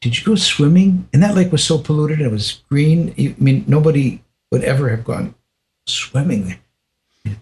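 Telling a personal story for an interview, an older man speaks in a mid-range voice. He stumbles and restarts, and he often lowers to a soft tone.

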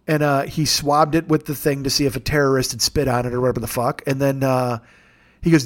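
Male comedy podcast host, slightly higher pitch, profane and sarcastic, loose rambling solo storytelling. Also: fast. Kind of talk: casual comedic monologue. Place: rented home, recording on travel.

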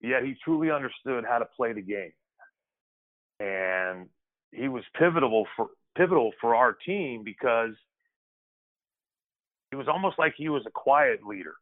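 A man's voice: medium pitch, expressive, unhurried, pauses often. A man spins easygoing stories from his playing days, talking loosely and circling back on himself mid-sentence. His voice sits in a middling range, and it arrives through a thin, phone-like line. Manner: conversational, loose, frequent restarts and "kid". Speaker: guest, former pro basketball player. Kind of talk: casual storytelling interview.

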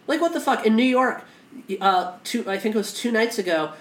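A man's voice: high-pitched, expressive, fairly quick. Impassioned, cursing man in an echoey room. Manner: impassioned and profane, with frequent restarts. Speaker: podcast co-host. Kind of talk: casual podcast conversation.

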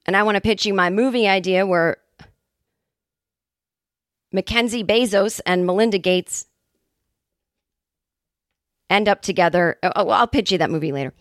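A woman in her fifties from the Boston area, hosting a comedy podcast in a casual, profane, animated monologue. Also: mid-range voice, normal speed, long pauses, dry recording, studio quality. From New England, Boston area. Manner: animated, profane, jokey asides. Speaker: podcast host and stand-up comedian.

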